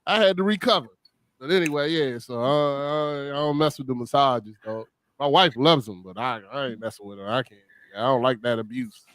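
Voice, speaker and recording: A man's voice: mid-range voice, fairly quick, fairly bright tone, no echo. A man telling a funny story in a casual chat, slangy and laughing often as he talks. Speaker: podcast host.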